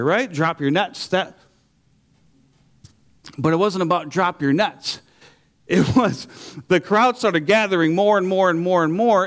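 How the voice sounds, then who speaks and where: A man telling his personal faith testimony with animated storytelling, acting out his own reactions and going low and quiet for serious moments. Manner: asks listeners "you see what I'm saying?". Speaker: speaker sharing a faith testimony.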